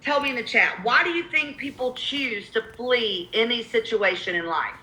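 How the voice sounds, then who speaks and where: A woman's voice: on the high side, normal speed, bright, forceful tone, echoey room, low-quality recording. A woman with a Southern accent coaching real estate investors on cold calls in a live webinar, emphatic and repeating her key points.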